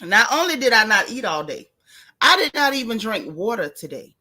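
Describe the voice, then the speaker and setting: A woman's voice: fairly high pitch, big pitch swings, normal speed, sharp tone. A woman hosting a casual live stream, chatting and greeting viewers by name with down-home slang.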